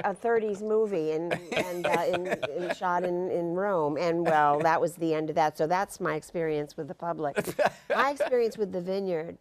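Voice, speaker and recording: An older actress, a guest on a talk show, telling stories with lively energy and laughing through them. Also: female voice, lowish voice, normal speed, hardly any pauses, over a noisy crowd. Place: TV studio.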